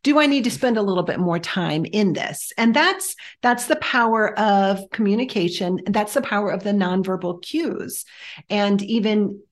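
A woman's voice: mid-range voice, moderate pace. A woman co-hosting a podcast, talking casually and building her points in reflective lists. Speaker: podcast co-host.

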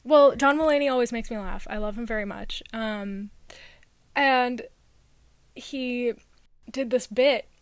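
A high-voiced woman chats on a podcast, giggly and rambling, full of ums and half-finished thoughts. She speaks slowly and unhurriedly, and the close, dry mic has no room echo. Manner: giggly, rambling with many fillers. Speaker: podcast co-host. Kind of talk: casual chat.

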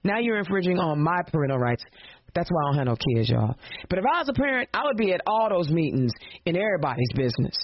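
A woman's voice: fairly low pitch, sing-song, quick pace, no room sound. A woman hosting a political podcast, ranting with passion and rhetorical questions in casual slang, then introducing her sponsors and guests. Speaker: podcast host. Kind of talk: impassioned political rant and show hosting. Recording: dull lo-fi dry podcast audio.

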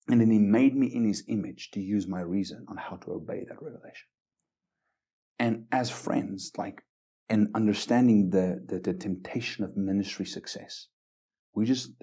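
A man's voice: lowish voice, warm tone, breathy edge. A man from South Africa, a guest on a faith podcast, telling stories earnestly, often stumbling over repeated words and checking in with "right?". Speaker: missions base leader, guest. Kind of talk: conversational storytelling interview.

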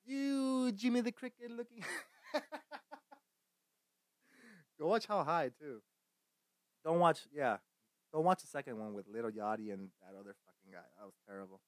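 A man chatting casually while streaming a game, rambling and swearing, bursting now and then into loud shouted insults. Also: mid-range voice, fairly even intonation, brisk, dry recording. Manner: profane, rambling, laughs at own jokes.

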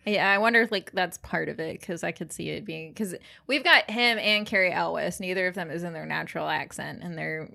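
A woman co-hosts a podcast in easygoing chat, her voice sitting a little low for a woman. She laughs often as she talks and fills her sentences with lots of little fillers. She sounds relaxed and conversational. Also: brisk, gravelly, few pauses. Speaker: podcast co-host.

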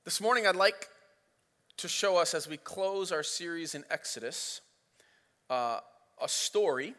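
A man's voice: on the high side, pushed and bright. A man preaching a sermon as pastor, retelling the story in a casual, playful way. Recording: reverberant hall.

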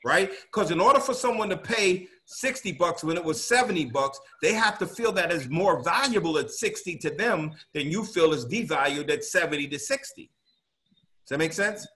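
A man's voice: on the high side, lively intonation, normal speed, bright, forceful tone. A man giving an interactive money lesson, quizzing his audience and pushing points home with an emphatic "right?". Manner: quizzes the audience, call-and-response; emphatic, repeats "right?" as a tag. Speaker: financial educator. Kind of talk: interactive teaching talk.

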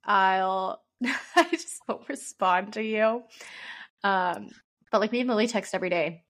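A young woman co-hosts a casual podcast in a mid-pitched voice. Her talk is dry and teasing, quick jokes tossed off in easy banter. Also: fairly bright tone. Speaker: podcast co-host. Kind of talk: casual chat.

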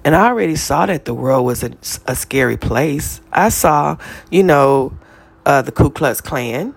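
A woman's voice: lively intonation, unhurried, vocal fry, breathy edge. A woman giving an impassioned, preacherly testimony, blunt and profane, telling her story to listeners. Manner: preacherly, profane, builds to high shouted pitch when retelling.

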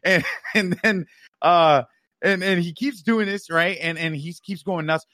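A man from New York telling a childhood story on a podcast, animated and profane, tossing in "right?" as he goes. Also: high voice, measured pace, no room sound, clean studio sound. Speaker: podcast co-host. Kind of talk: casual storytelling chat.

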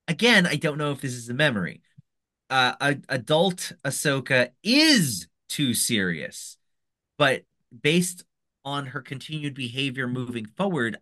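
Man, podcast co-host, lively pitch, excitable and rambling. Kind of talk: casual recap chat.

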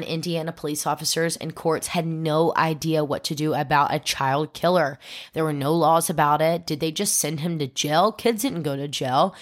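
Low-voiced woman telling true crime. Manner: dramatic storyteller, acts out quoted voices. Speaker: podcast host.

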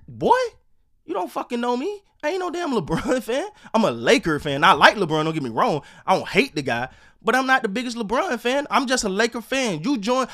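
A man ranting casually about football and basketball, animated, swearing and repeating himself. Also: on the high side. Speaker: sports commentator. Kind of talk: casual sports rant.

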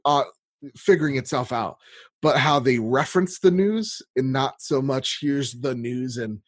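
Husky, animated man in casual chat. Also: mid-range voice, no room sound, clean studio sound. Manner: animated, profane, laughs easily. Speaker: guest, gaming podcast host.

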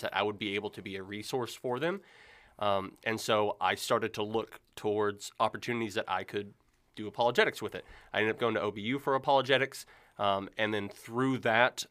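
A young man, a youth minister, chatting earnestly with many pauses and fillers. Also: on the low side, pushed and bright. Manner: earnest, rambling with many ums. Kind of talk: casual chat.

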